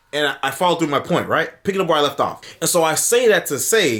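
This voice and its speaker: A man telling a story in an animated commentary video, swearing casually, acting out what people said and laughing often. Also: on the high side. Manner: lively, swears casually, acts out quotes.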